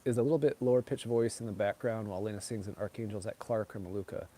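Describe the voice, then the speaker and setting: A middle-aged man answers his viewers in a loose, rambling chat, padding his sentences with "like" and "you know." His voice sits on the lower side and has a dark, mellow tone. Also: racing, breathy edge. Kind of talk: casual chat.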